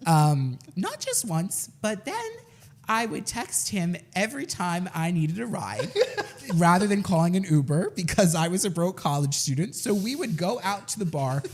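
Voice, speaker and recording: Animated young man telling a story. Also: sits high, normal speed. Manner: animated, self-mocking, laughing through the story. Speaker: podcast co-host. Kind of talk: casual storytelling chat.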